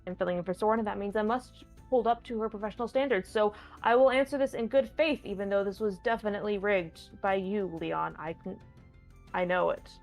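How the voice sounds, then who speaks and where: A woman hosts a relaxed viewer Q&A on a tabletop game stream, talking in a playful, rambling way and often restarting her sentences. Her voice has a gravelly, fry-laden edge, and faint music plays softly underneath. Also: medium pitch, fairly quick. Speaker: stand-in host answering viewer questions. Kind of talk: casual live-stream chat.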